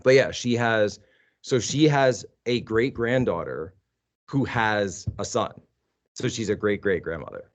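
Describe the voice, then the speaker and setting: A man's voice: fairly low pitch, expressive, a little slow. A man talking as a guest in a casual conversation, rambling and often breaking off to restart his sentences. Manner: rambling, self-interrupting. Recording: dull lo-fi sound.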